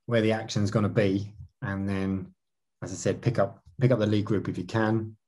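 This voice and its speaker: A man's voice: on the low side, flat delivery, normal speed, a little mellow, husky. A man answering interview questions about his racing career, talking animatedly with many restarts. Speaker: marathon canoe racer.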